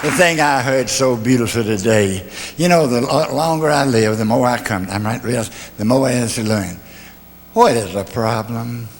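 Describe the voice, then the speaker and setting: A man's voice: medium pitch, normal speed, slight background noise. An older man giving a motivational talk, telling homespun stories with humor and rhetorical questions. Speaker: motivational speaker. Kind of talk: folksy speech with stories and jokes. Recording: long hall reverb.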